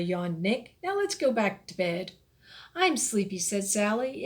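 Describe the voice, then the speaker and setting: A woman reading a rhyming picture book aloud in a slow, expressive storytelling voice. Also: fairly high pitch. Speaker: storybook reader.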